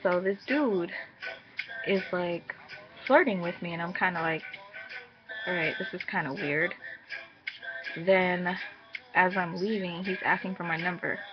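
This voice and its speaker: A young woman telling a story in a casual vlog, chatty and animated, laughing and jumping high when exasperated. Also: a little slow, long pauses. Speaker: vlogger. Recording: muffled with music playing behind.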